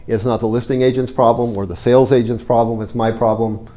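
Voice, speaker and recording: A man's voice: mid-range voice, fairly even intonation, fast, dark tone. A middle-aged man with a cold, telling a story to a live audience in an earnest, conversational way. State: has a cold. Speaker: real estate investor giving a talk.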